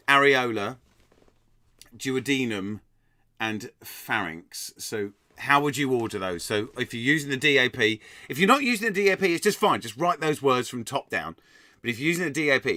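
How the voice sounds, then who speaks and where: A man's voice: medium pitch, bright, forceful tone, no echo. An English man hosting a live-stream quiz, reading out items and laughing and joking with his viewers. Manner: reads quiz items aloud, laughs often, jokes with chat. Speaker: quiz host.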